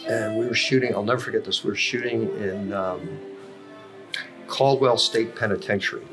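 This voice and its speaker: A man's voice: fairly low pitch, fairly even intonation, moderate pace. An older man in a coffee house telling long career stories as a podcast guest, with many fillers and self-corrections. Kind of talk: casual storytelling. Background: music playing.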